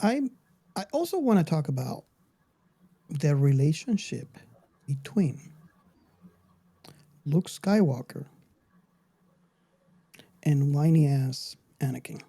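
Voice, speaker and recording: Slow, mellow man, hesitant chat. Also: fairly high pitch, big pitch swings, vocal fry, slightly rough, no echo. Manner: slow, hesitant, many fillers. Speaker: podcast co-host. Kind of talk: casual chat.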